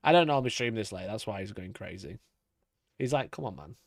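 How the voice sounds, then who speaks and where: A man's voice: lowish voice, expressive, brisk, no room sound, studio quality. A young man chatting casually on a live stream, swearing freely, laughing often and talking to his cat between comments.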